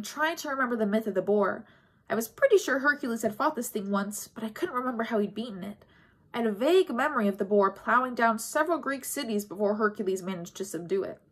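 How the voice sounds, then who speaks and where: Woman narrating an audiobook, fairly high voice. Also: a bit bright, slightly rough. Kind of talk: first-person audiobook narration.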